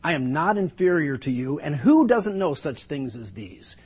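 Preacher doing an anguished sufferer: high, loud, husky. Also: male voice, sing-song, normal speed, exaggerated voice. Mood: bitter. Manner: impassioned, pleading then sarcastic. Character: anguished suffering man pleading with friends.

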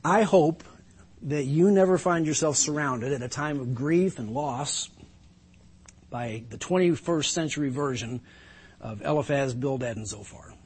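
Middle-aged preacher, husky, fairly high, earnest and reflective. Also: male voice, measured pace, a little mellow. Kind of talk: sermon.

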